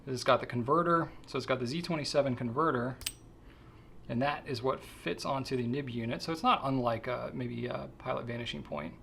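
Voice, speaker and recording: A man hosting a pen shop question-and-answer show, talking casually and easygoing, thinking out loud as he handles a pen. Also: medium pitch, brisk, gravelly, slight background noise. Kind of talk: casual chat.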